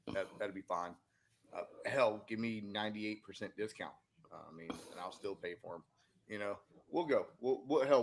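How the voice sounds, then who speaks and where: A man's voice: on the low side, a little hiss or hum. A man co-hosting a sports podcast, chatting casually and rambling with many fillers and restarts. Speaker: podcast co-host.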